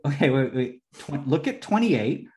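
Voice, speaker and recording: Casting: young male co-host, casual chat, excitable, salty-mouthed, middle-pitched voice. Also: normal speed. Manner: swears freely, excitable, laughs often. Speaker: podcast co-host.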